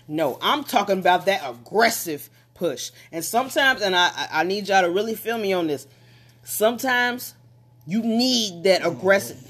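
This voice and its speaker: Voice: medium pitch, normal speed, fairly bright tone. A speaker giving a casual motivational monologue about relationships, talking emphatically with lots of repetition and building to passionate pushes.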